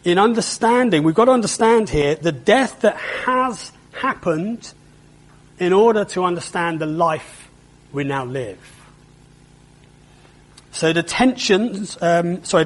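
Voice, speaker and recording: A man with a high, slightly husky voice preaching a sermon. He speaks slowly and patiently, walks through the passage verse by verse and often turns to the listeners with rhetorical questions. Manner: explains patiently, asks the congregation rhetorical questions. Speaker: pastor.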